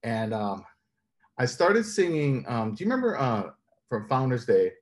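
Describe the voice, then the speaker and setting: Animated man telling stories. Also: mid-range voice, normal speed. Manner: animated, laughs often while telling stories. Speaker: interview guest. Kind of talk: casual storytelling interview.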